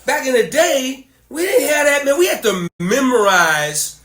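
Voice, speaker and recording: A middle-aged man chats casually as a podcast host, his voice bright and high for a man. He tells animated stories and laughs often. The recording has a roomy echo. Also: measured pace. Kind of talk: casual conversation.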